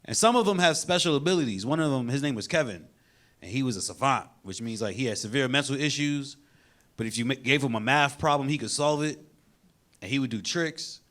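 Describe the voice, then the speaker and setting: A man's voice: mid-range voice, expressive, brisk, a bit bright. A man doing a stand-up set in a comedy club, telling stories with punchy delivery. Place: comedy club stage with laughing audience.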